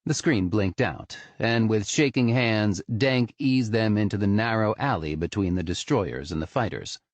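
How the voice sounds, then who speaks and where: A man narrating an audiobook in an expressive, storytelling manner. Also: fairly low pitch, measured pace, no echo. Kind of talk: scripted narration.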